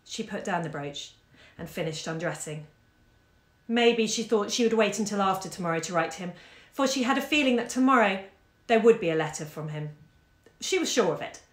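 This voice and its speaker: A woman reading a short story aloud, measured and expressive, growing soft in the sad parts. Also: fairly low pitch. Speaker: bookshop owner reading aloud. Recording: roomy echo.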